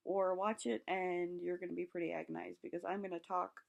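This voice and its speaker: A woman's voice: on the low side, level tone, a little fast, creaky, highs cut off. A young woman speaking in a personal vlog, impassioned, her voice rising and falling as she talks. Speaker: vlogger. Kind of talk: passionate personal vlog monologue.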